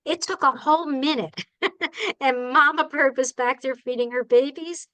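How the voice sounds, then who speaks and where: A bird rehabilitator with a high voice gives a storytelling talk to a club, animatedly acting out the people and birds involved. She's chatty and asks the audience "all right?", speaking unhurriedly over poor audio.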